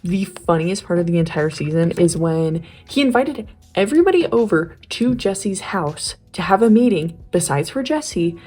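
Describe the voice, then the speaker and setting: A woman's voice: on the low side, animated, moderate pace, a little mellow, breathy edge. A young woman chatting casually while she draws, rambling with lots of fillers and slang. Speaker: art vlogger. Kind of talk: casual chat while drawing.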